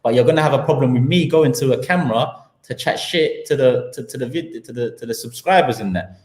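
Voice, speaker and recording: A man with a London accent fronts a live football stream, ranting hotly in slang and building up point after point. His mid-range voice has a darkish tone and a brisk pace. There's an echo in the room.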